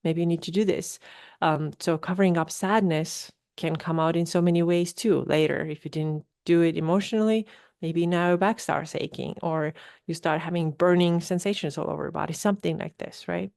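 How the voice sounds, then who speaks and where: A woman's voice: fairly low pitch, steady tone, normal speed, creaky, a little mellow, no room sound, clean studio sound. A woman hosting a podcast, coaching listeners and often tagging her points with "right?". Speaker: podcast host. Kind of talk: solo podcast talk.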